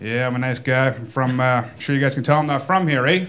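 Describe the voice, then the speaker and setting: A Canadian man doing a stand-up comedy set in a club, folksy and deadpan, tagging his lines with "eh?". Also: medium pitch, fast talker, a little hiss or hum. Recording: live club set with audience laughter. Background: crowd laughter.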